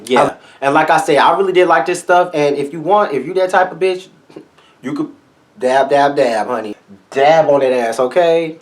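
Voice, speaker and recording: A man's voice: a little high, normal speed. Sassy flamboyant man reviewing makeup. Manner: talks straight to viewers. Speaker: beauty vlogger.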